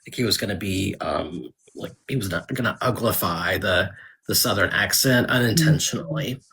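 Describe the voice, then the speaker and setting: A man being interviewed as an author, talking in a relaxed, reflective way with many restarts and fillers. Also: fairly low pitch, moderate pace, gravelly, husky. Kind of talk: casual live interview chat.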